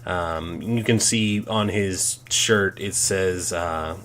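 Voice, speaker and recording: Slow, low-voiced male game master. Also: a bit bright, a little hiss or hum. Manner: halting, full of ums and restarts. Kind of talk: narrating a tabletop game.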